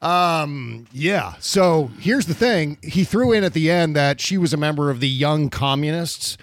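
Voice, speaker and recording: A man's voice: fairly high pitch, animated, unhurried, no room sound. A man hosting a political podcast, sarcastic and profane, on a close studio mic. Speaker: podcast host. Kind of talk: casual political commentary.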